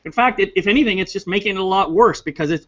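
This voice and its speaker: A man's voice: high voice, racing, fairly bright tone. Earnest man on a muffled recording. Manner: earnest, reflective, laughs easily. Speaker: co-host. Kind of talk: casual conversation. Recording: dull lo-fi sound.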